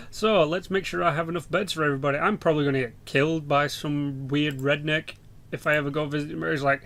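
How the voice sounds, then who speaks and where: A man's voice: fairly high pitch, a little fast, a bit bright. A young man with an English accent, rambling and swearing through casual game commentary. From England. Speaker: gaming YouTuber.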